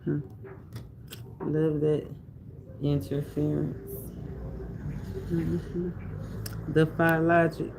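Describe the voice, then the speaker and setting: A man reads tarot cards for his viewers in a slow, unhurried delivery, his voice sitting a little high for a man. He circles back over phrases with a loose, preacher-like cadence and breaks off to speak to his audience directly. A faint hum runs underneath the recording. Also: little pitch movement, gravelly. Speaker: tarot reader. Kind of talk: casual spoken tarot reading.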